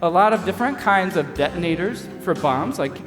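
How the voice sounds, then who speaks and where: A man's voice: high voice, expressive, brisk. An actor playing a boastful, goofy barista who rambles and laughs at his own jokes in a live comedy sketch. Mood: rambling. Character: boastful goofy male barista know-it-all. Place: church hall before an audience. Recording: live hall reverb, faint music.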